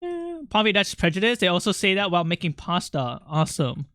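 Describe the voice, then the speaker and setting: A streamer talks loosely over a drawing session in a smooth, clean voice at a middling pitch. The sound is close and dry, with no room around it. The delivery is jokey and quick to say sorry, and the speaker often pokes fun at their own art. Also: huge pitch swings, fairly bright tone, no echo. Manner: joking, quick to apologize; self-deprecating. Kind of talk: casual livestream chat while drawing.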